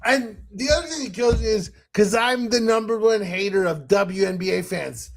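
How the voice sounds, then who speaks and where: A man's voice: high-pitched, moderate pace. A man hosting a podcast, ranting in casual chat with profanity and laughing asides. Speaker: podcast host.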